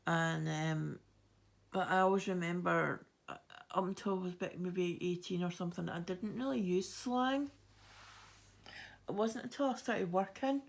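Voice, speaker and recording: A woman with a Fife Scottish accent talks in a relaxed, chatty way while she stitches. Her voice has a gravelly, fry-edged texture, and she often laughs as she rambles through her anecdotes. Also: lowish voice, moderate pace. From Scotland. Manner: rambling, laughs often, many fillers and restarts. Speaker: cross-stitch vlogger.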